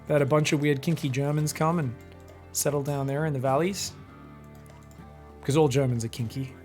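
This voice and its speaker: A young man casting a strategy game match alone, excitable and crude, swearing freely and joking between plays. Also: on the high side, normal speed, soft background music. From Australia. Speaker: esports caster. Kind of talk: solo game commentary.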